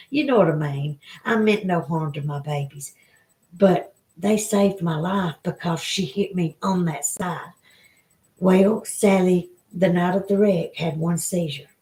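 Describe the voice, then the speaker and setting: A woman's voice: lowish voice, a little mellow, rough recording. A woman with a Southern US accent chatting with viewers on a live stream, emotional and rambling. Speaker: vlogger. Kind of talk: casual live-stream chat.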